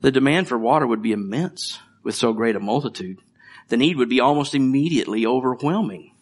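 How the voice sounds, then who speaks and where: A middle-aged pastor delivers a conversational sermon, reading scripture and cracking jokes about his kids with light laughter. His voice sits at a medium pitch and moves fairly quickly with an animated energy.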